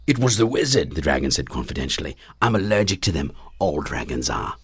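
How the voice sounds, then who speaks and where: Young dragon, read by a man, earnest, kinda husky, lots of ups and downs, dry sound. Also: extremely low pitch, sing-song, brisk, fairly bright tone, no echo, voice pushed down, exaggerated voice. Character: young polite dragon seeking princess. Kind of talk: audiobook character voice.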